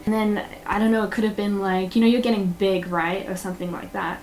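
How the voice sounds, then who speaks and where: A young woman in a personal vlog, talking candidly and a bit rambling, with frequent fillers and nervous laughs. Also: medium pitch. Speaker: vlogger.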